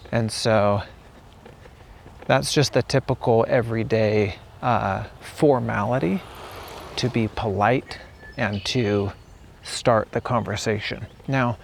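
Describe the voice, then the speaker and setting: A man with a gravelly, creaky voice gives a relaxed spoken English lesson at a slow, steady pace. He repeats each example phrase to demonstrate it, with faint outdoor sound behind him. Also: mid-range voice, slight background noise. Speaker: English teacher. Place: outdoors on a walk.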